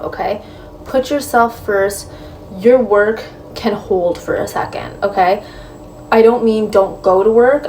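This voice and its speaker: A woman's voice: medium pitch, darkish tone. A woman giving frank, direct breakup advice in a casual talk, filling her speech with "like" and "right?". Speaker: advice vlogger. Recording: slightly distant mic with faint room noise.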